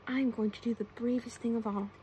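A woman voicing a proud, sneaky little imp in whispered role-play, with sly, hushed whispers. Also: fairly high pitch, steady tone, fairly quick, slight background noise, lightly acted. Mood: boastful.

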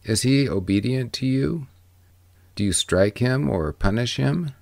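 A man reading the part of a wise old ferryman who speaks calmly, with gentle, measured questions. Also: mid-range voice, vocal fry, dry recording. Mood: gently probing. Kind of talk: audiobook reading.

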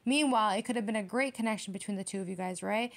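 A woman's voice: medium pitch, gravelly. A woman giving a tarot reading straight to her viewers, blunt and heavily profane, getting heated and repeating herself. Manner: fast, repetitive, direct address to viewers. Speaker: tarot reader.

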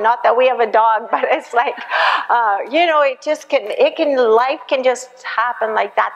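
A woman's voice: fairly high pitch, normal speed. A woman preaching a sermon in a conversational way, now and then acting out quoted voices. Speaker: pastor. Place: church hall. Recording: long hall reverb in a church.

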